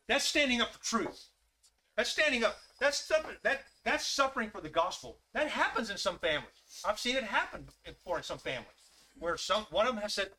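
A man's voice: sits high, big pitch swings, a little fast, bright, forceful tone. A middle-aged man preaching a casual, conversational sermon full of folksy asides. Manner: folksy, conversational, with Southern "y'all". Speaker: pastor.

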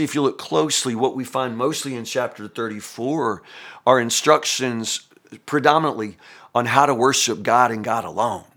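Emphatic man teaching scripture. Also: medium pitch. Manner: animated and emphatic, swinging from loud to hushed, many "you know?" tags. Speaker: Bible teacher. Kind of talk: daily devotional Bible teaching.

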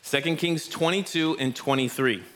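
Out of breath, a man runs a family Bible lesson before an audience in a church hall, encouraging the kids with praise and playful jokes. His voice is a little high and a bit bright, moving at normal speed.

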